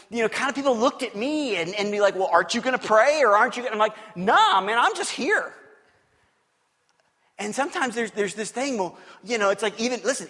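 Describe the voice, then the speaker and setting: A man's voice: high voice, a bit bright. A male pastor preaching a sermon in a candid, conversational way, asking his listeners questions. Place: church sanctuary. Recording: long hall reverb.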